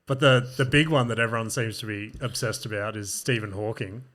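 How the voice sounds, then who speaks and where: A man's voice: fairly low pitch, steady tone, fairly quick, a bit bright. A man hosting a podcast in casual chat, rambling and laughing often. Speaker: podcast host.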